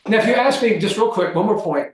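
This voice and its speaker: A man giving an emphatic, animated seminar lecture over a video call, restarting his sentences often. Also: high voice, quick pace. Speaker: guest lecturer. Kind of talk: seminar lecture and closing remarks. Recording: very echoey room.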